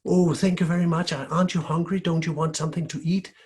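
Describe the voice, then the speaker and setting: A woman's voice: very deep voice, expressive, moderate pace, slightly rough, full character voice. A man voicing a scolding, impatient lady of the house in a told folk tale. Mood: fawning. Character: shrill, scolding lady of the house, middle-aged.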